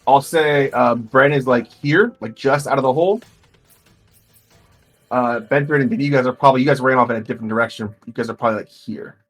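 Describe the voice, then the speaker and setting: Husky-voiced man running a tabletop game. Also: medium pitch, fairly quick, a bit bright, soft background music, rough recording. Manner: loose, filler-heavy description. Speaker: game master.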